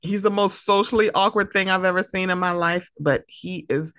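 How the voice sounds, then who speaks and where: A woman in her thirties hosts her podcast in a relaxed, chatty way, full of playful asides and little acted-out quotes. Her voice sits a bit low. The sound is dry and close, with no room echo. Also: normal speed. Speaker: podcast host. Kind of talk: casual chat.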